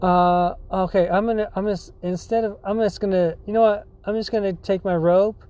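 A man voicing a laid-back, excitable fisherman who swears and keeps saying dude. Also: high voice, a little fast, natural voice. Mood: cheerful.

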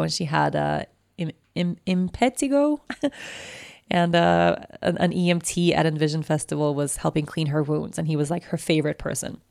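A woman's voice: lowish voice, creaky, a little mellow, no echo, studio quality. A woman telling an anxious personal story, rambling with lots of restarts. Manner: anxious and shaken.

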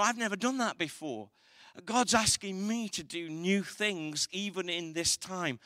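A man's voice: fairly high pitch, sharp tone. A pastor delivers a sermon in a slightly raised voice, driving his points home with emphatic repetition. The sound is dry and close, with no room echo. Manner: preaching with rising intensity, emphatic repetition.

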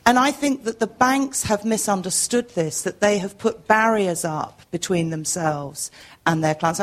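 A woman in the audience of a panel discussion, asking a long, reflective question in an articulate way. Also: medium pitch. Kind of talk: question from the floor.

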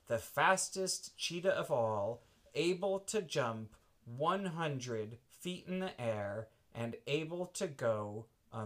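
Man telling a made-up bedtime story, slow, gentle, unhurried pauses. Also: medium pitch. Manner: slow, gentle, makes it up as he goes.

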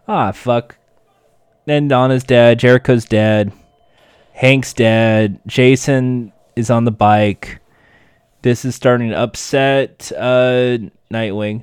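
A man's voice: medium pitch, steady tone, slow, clear, resonant tone, dry recording, clean studio sound. A man giving a sarcastic, joking recap of a show, full of swearing and asides.

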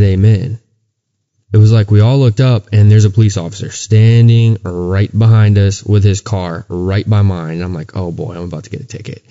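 A man with a fairly low, warm voice co-hosts a podcast, recorded with lo-fi sound. He shares his faith story in an earnest, casual chat, often stumbling and starting over.

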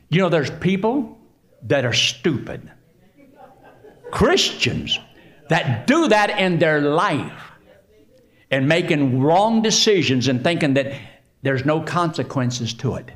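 Male preacher, highly animated storyteller, pitched a bit high. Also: a little slow. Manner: animated storytelling, swings from soft to exclamations. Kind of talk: sermon.

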